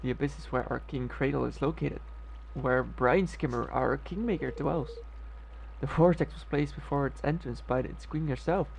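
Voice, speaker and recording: A man's voice: medium pitch, normal speed, gravelly, slight background noise, lightly acted, poor audio. A man reading as an anxious palace official. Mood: worried. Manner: reading game dialogue aloud. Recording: game music playing behind.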